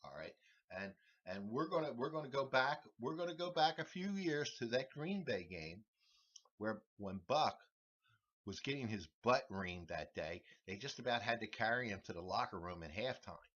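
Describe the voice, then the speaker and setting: A man hosting a comedy show, delivering a rambling deadpan monologue full of restarts and "all right"s. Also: mid-range voice, normal speed. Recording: dull lo-fi recording.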